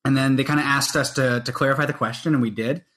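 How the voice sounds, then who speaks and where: A man's voice: mid-range voice, fairly even intonation, fast talker, a bit bright. A man from Canada co-hosting a casual podcast chat, rambling, restarting his sentences and swearing offhand. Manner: rambling, self-interrupting, sweary. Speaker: podcast co-host.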